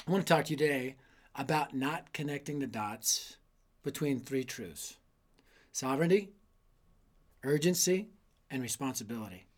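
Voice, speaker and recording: A man hosting a youth ministry teaching episode, telling stories with animated, dramatic delivery. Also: high voice. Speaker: youth ministry speaker and host. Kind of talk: evangelistic teaching talk with storytelling.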